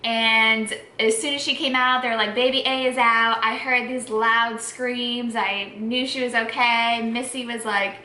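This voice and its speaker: A woman casually telling a story, halting, often trailing off and restarting. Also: on the high side, steady tone, pushed and bright. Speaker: vlogger, mother of twins. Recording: echoey room.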